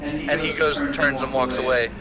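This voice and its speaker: A man narrating as game master of a tabletop game, halting often with fillers and restarts. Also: medium pitch, little pitch movement, a crowd in the background, low-quality recording.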